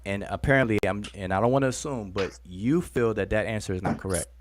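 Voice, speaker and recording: A man's voice: lowish voice, fast, very noisy. An American man hosting a live discussion, insistently pressing his point and cutting in with repeated "wait, wait". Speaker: host. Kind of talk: heated live debate.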